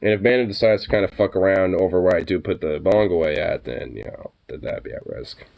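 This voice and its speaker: A man's voice: low voice, brisk, gravelly, lo-fi sound. A man chatting casually on his vlog in a laid-back way, swearing freely and cooing at his pets. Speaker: vlogger. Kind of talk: casual chat.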